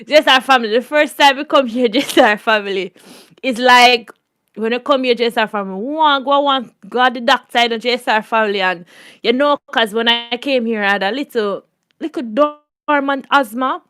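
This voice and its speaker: A woman with a Jamaican accent hosting a casual storytime chat, animated and laughing often. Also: fairly high pitch, fairly quick, clear, resonant tone, dry recording, clean studio sound. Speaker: channel host.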